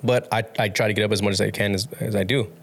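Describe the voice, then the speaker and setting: A man's voice: lowish voice, fairly even intonation, quick pace, creaky. A young man, a podcast guest and dad, telling a story in casual, rambling interview chat full of restarts, casual swearing and laughs.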